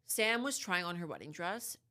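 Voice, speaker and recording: Candid woman podcaster, low-pitched. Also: very animated, moderate pace, pushed and bright. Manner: candid, talks over interruptions, swears casually. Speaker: podcast co-host. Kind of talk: casual chat.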